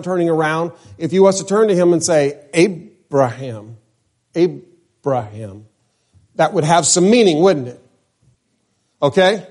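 A male pastor from New Mexico preaches in an unhurried, drawn-out way. His voice sits on the high side for a man. He pauses to put questions to the congregation as he explains his point. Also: darkish tone. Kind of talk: sermon.

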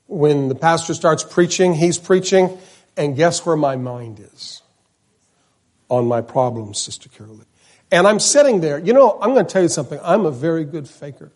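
Man in his fifties, preaching in church, conversational, repeats key names. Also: a little high. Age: 50s. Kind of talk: sermon. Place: church, in front of the pulpit.

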